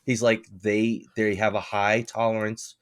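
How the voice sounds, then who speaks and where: A man's voice: little pitch movement, unhurried. Rambling, swearing man telling a story. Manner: rambling storyteller, swears freely, laughs often; acts out other people's lines in a lower voice. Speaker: podcast co-host. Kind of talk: casual chat.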